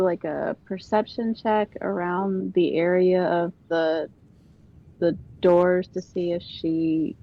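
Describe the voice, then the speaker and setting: A woman playing in a tabletop game, asking her game master questions in a hesitant, halting way. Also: lowish voice, gravelly. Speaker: player. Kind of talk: casual chat at a game table. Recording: dull, lo-fi voice call audio.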